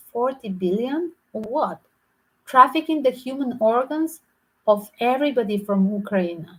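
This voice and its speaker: A woman's voice: mid-range voice, a bit bright, poor audio. A woman tarot reader talking through a rambling, opinionated vlog commentary, emphatic and full of restarts.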